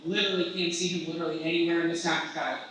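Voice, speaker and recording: A man's voice: a little high, little pitch movement, racing, very noisy. A man emceeing a comedy night, hyping up and introducing the next comic. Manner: upbeat hype, builds to a shout. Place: small bar comedy room. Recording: echoey room from a distance, crowd audible. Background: live audience.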